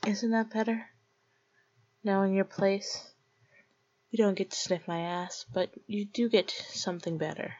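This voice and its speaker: A woman's voice: mid-range voice, fairly even intonation, measured pace, long pauses, a little mellow, highs cut off. A woman performing a scripted audio role-play in a mocking, teasing and domineering way.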